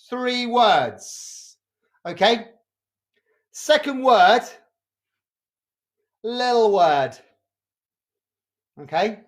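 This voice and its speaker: Slow, lively-pitched charades leader on a video call. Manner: slow, checks in with "okay?" after each clue. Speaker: community drama workshop leader. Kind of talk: leading a charades game over video call.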